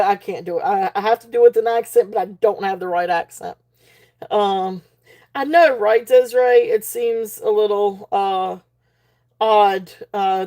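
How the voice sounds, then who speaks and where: A woman with a mid-range, slightly mellow voice hosts a jewelry auction on a live stream. She reads the chat aloud in a chatty, rambling way, with lots of fillers and restarts.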